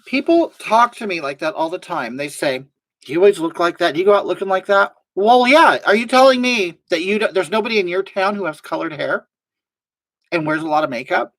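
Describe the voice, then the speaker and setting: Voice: mid-range voice, expressive, brisk, fairly bright tone. A performer doing a brash gossipy woman streamer. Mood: rambling. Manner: rambling, indignant, reads chat aloud. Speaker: livestream host. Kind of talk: live-stream character comedy.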